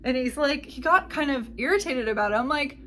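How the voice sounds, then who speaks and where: A woman's voice: high-pitched, animated, a little fast, a bit bright, slight background noise. A woman hosting a podcast, telling a travel story in casual chat and acting out the exchanges she quotes. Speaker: podcast host.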